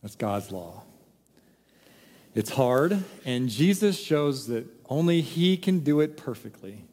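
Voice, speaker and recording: A man's voice: mid-range voice, sing-song, takes it slowly, dark tone. Man preaching in a reverberant hall. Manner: emphatic, rhetorical questions. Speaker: pastor. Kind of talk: sermon.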